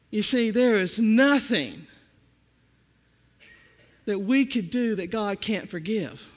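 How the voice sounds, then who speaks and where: A man's voice: high voice, in a large hall. A man preaching a sermon, rhythmic and repetitive, calling out to the congregation.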